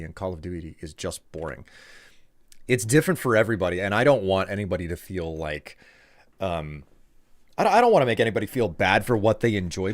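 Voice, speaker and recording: A man streaming a game live, chatting with viewers in a loose, rambling way full of fillers and restarts. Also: low voice. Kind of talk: casual chat while streaming a game.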